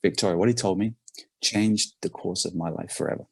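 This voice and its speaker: English guy, deep and a bit husky, animated story with lots of "you know" and repeats. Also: fairly quick, no room sound. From England. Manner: animated, repeats words, many fillers. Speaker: performance coach. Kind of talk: storytelling podcast interview.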